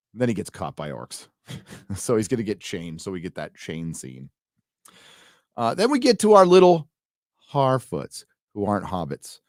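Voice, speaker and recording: A man's voice: fairly low pitch, big pitch swings, moderate pace, pauses often, a little mellow, no room sound, clean studio sound. A man reviewing a TV show in a casual live commentary, blunt and sarcastic, full of fillers and restarts. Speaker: video reviewer.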